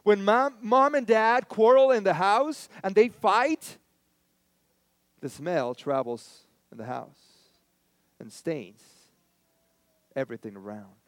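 A man's voice: high-pitched, expressive, slow, pauses often, no room sound. A man preaching a sermon as pastor, telling stories in a conversational way and repeating lines for emphasis.

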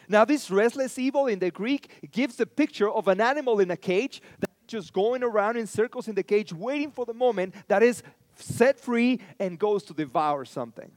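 A man's voice: high voice, expressive, moderate pace, a little mellow, dry recording. A man preaching a sermon as pastor, telling stories in a conversational way and repeating lines for emphasis.

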